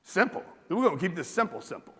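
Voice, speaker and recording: A motivational speaker from the US, his voice sitting high, talks fast and very animatedly to a live audience in a large hall. His talk is blunt and profane, firing up the crowd with questions, and the sound carries a large hall's long reverb.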